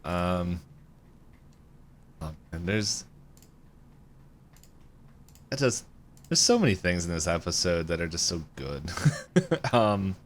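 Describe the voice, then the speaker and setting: A man co-hosting a podcast, going through wiki notes in casual chat with frequent ums and pauses. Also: low-pitched, very animated, a little hiss or hum. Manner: hesitant, lots of ums while reading notes. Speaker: podcast co-host.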